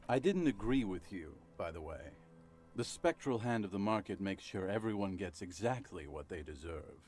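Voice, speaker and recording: A man's voice: sits low, lively intonation, moderate pace, darkish tone. An actor playing a blunt, sardonic man in a video game who recounts another character's drunken ramblings.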